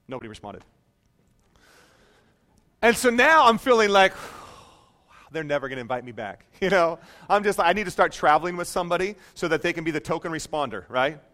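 A man preaching a sermon, telling stories in an animated, self-mocking way with joking asides. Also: a little high, brisk.

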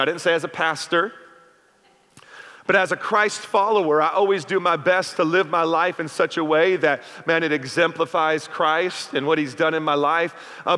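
High, bright-voiced man preaching in a hall. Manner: conversational, with call-outs to the congregation. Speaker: pastor. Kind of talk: sermon. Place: church sanctuary. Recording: reverberant hall.

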